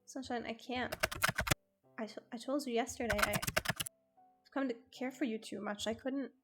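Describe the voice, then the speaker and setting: A woman reading the lines of a tender, worried male grim reaper from a game, soft and earnest, in her own voice. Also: fairly high pitch, fairly even intonation, a little slow, loud music behind the voice, close to an everyday voice.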